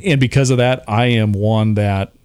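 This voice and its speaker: A man's voice: fairly low pitch, moderate pace, a little mellow, clear, resonant tone, no room sound, clean studio sound. A man, a radio DJ chatting casually as a podcast guest, rambling and poking fun at himself. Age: 40s. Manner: rambling, self-mocking, chuckles often.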